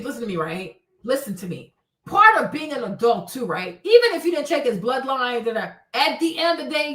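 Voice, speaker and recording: A woman's voice: high voice, fairly bright tone. A woman in her forties hosting a live stream, ranting bluntly and preachily in casual talk and often asking "right?". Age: 40s. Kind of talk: casual livestream rant. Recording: echoey room, voice a bit far from the mic.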